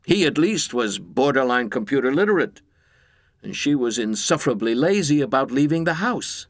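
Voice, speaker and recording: A man reading a comic story aloud in scripted narration with a deadpan, expressive delivery. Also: medium pitch, moderate pace, dry recording.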